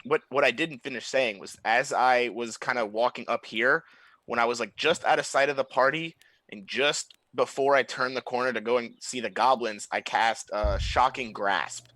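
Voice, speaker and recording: Bright, dry-voiced man at the game table. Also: medium pitch, normal speed, no echo. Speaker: player. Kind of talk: casual tabletop play.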